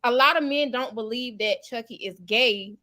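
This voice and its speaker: Casting: woman, bright higher voice, lively storyteller, casual podcast banter. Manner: animated storyteller, quick bursts. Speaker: podcast co-host. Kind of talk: casual chat.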